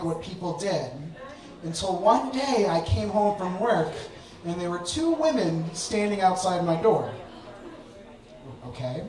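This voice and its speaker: A man telling a personal story on stage to a live audience, with an animated, self-mocking comic delivery. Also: high voice. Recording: echoey hall, distant mic, audience laughter.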